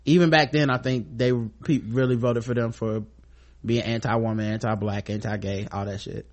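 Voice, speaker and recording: A man's voice: medium pitch, steady tone, normal speed. A man co-hosting a casual podcast, reading listener mail and talking bluntly and profanely.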